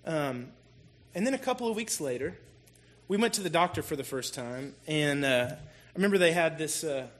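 A man with a high, crisp voice shares a personal story from the pulpit. He tells it in an animated, self-deprecating way, speaking directly to his listeners. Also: moderate pace. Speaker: church speaker.

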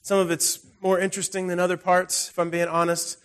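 High-voiced man preaching a story-filled sermon. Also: completely flat delivery, brisk, smooth. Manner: conversational, storytelling, frequent restarts. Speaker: pastor. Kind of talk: sermon with personal stories.

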